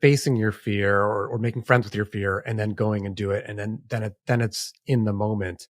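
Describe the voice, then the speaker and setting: A man hosting a podcast interview, asking questions in a halting way, often repeating words as he forms them. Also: on the low side, fairly even intonation, no room sound, studio quality. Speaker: podcast host.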